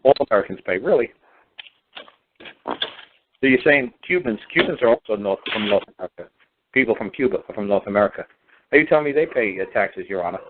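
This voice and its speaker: A man with a voice on the low side speaks animatedly and a little fast, yet leaves long pauses, during a talk show conversation over the phone. He pounds his points home with repetitive rhetorical questions, and the phone-line audio carries a little hiss or hum.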